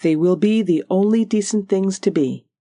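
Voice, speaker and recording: Reader doing a grand old highland widow, scottish lilt, rich strong voice, stately, dry sound. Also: normal speed, dark tone, dry recording, natural voice. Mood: proud. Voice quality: rich, powerful voice. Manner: stately, lilting, repeats "oh yes". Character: tall stout old Highland widow, proud and regal.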